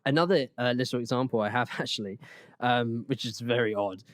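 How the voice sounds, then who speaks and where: A man's voice: mid-range voice, a little fast, dry recording. A young man hosting a casual, comedic history podcast, laughing often as he talks. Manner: giggly, animated, breaks into laughter. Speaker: podcast host.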